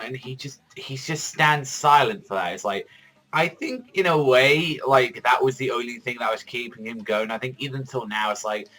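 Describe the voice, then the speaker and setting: A man giving a casual video review of a manga chapter, talking in a rambling, excitable way and swearing a lot. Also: mid-range voice, moderate pace, poor audio.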